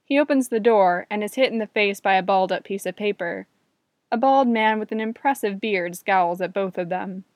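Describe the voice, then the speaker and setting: A woman narrating a story in an even, measured reading voice. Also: mid-range voice, no room sound, studio quality. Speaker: reader.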